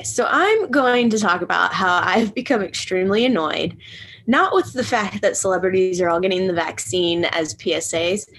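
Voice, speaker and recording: A woman's voice: mid-range voice, a little hiss or hum. A woman co-hosting a casual podcast, ranting with laughter and acting out silly bits of dialogue. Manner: ranting, laughing through her words, acting out little scenes. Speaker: podcast co-host. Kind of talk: casual sports podcast chat.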